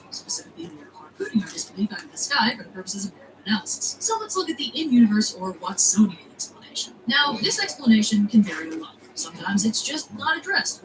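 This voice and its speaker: Quick, lively woman narrating an essay. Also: a little high, a little hiss or hum, low-quality recording. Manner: wry, jokey. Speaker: video essayist. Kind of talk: scripted video essay narration.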